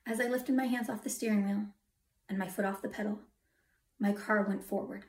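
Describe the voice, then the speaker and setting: A woman's voice: medium pitch, steady tone, a little fast. A woman preaching a testimony sermon, telling her story dramatically and dropping to a whisper for emphasis. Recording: echoey hall from far off.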